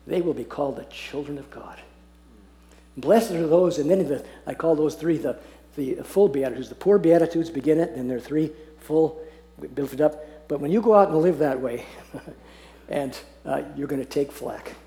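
A man teaching a Bible passage to a group, earnest and often laughing, slowing down to read verses aloud. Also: on the high side, dark tone. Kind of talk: teaching talk on scripture. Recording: echoey room.

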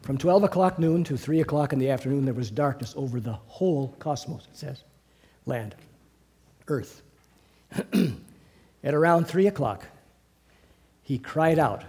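A man's voice: mid-range voice, animated, a little slow, pauses often, darkish tone, slightly rough. A man preaching a sermon in a church, earnest and rambling, with restarts, often building to fervent emphasis. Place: church sanctuary.

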